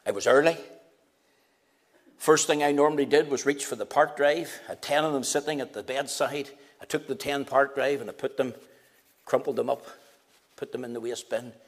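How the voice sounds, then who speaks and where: A middle-aged man, a preacher, telling his conversion story in a sermon, acting out the dialogue and slowing down for emphasis. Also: mid-range voice, fairly even intonation. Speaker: preacher giving testimony. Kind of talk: sermon testimony.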